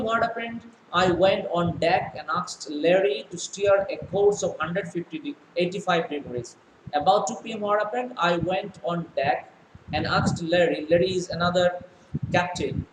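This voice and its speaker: A male teacher reading a story aloud and explaining it line by line, with many fillers. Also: high voice. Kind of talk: explaining a textbook lesson. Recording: echoey room, faint noise.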